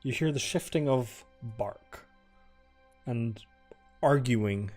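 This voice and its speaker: Calm man narrating as game master. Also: medium pitch. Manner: calm, descriptive, with hesitant fillers.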